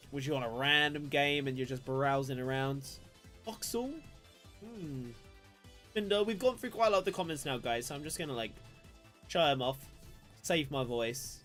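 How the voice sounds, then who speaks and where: A man's voice: a little high, fairly bright tone. A young man chatting casually to his live-stream viewers, rambling and self-deprecating as he opens trading cards. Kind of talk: casual live-stream card opening commentary. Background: faint background music.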